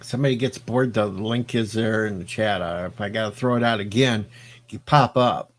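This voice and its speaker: A man's voice: lowish voice, normal speed. A man on a late-night live stream, rambling and joking as he answers his viewers' chat. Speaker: livestreamer reading chat.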